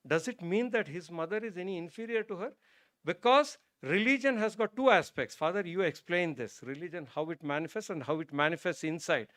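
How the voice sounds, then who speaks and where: A man's voice: high voice, fairly quick, no room sound, clean studio sound. A man from India giving a public talk on religion, telling a story that moves him and then building to emphatic points. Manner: storytelling, grows emotional and soft. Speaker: guest speaker. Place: auditorium stage.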